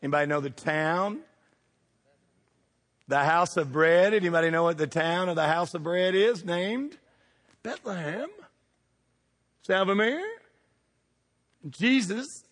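Husky-voiced preacher man. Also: on the high side, long reverb tail. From United States. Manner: animated, questioning the congregation. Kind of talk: sermon.

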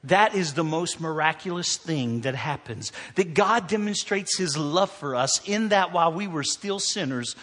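A man preaching in a church, his voice bright and ringing. The sound carries a long reverb from the hall. He tells his story in a storyteller's way, dropping to a hush and then building to emphatic peaks. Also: on the high side, animated, moderate pace, hardly any pauses. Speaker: pastor. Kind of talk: sermon.

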